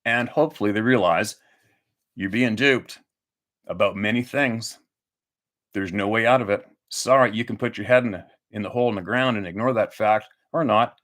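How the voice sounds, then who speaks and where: A man's voice: lowish voice, moderate pace, fairly bright tone. A man hosting his own channel, delivering an angry, profane monologue full of restarts and rhetorical questions. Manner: heated, profane, repetitive ranting. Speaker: channel host.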